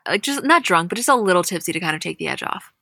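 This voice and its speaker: A young woman chatting through a reality-show recap, her voice bright and a touch low, close and dry with no room sound. She tells the story in a lively, animated way, slipping into quick quoted asides. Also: gravelly, no echo. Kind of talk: casual chat recap.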